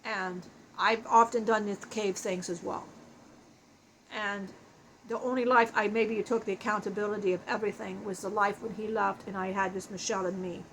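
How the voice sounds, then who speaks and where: A woman telling an emotional spiritual life story in a halting way, often breaking off and restarting her sentences. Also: medium pitch, slight background noise, poor audio. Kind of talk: channeled personal storytelling.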